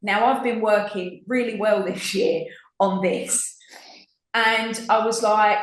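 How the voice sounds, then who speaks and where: A woman's voice: fairly high pitch, takes it slowly, long pauses, a bit bright. Dramatic Essex woman in an echoey room. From England. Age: 40s. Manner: dramatic, acts out her own inner voices. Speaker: podcast co-host. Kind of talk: casual spiritual chat.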